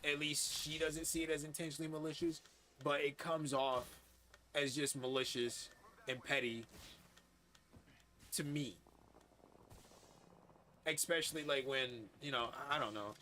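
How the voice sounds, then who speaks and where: A man's voice: a little high, bright, forceful tone, slight background noise. A man in his twenties chatting candidly and profanely while livestreaming a game, rambling with lots of fillers. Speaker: gaming streamer. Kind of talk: casual chat while livestreaming.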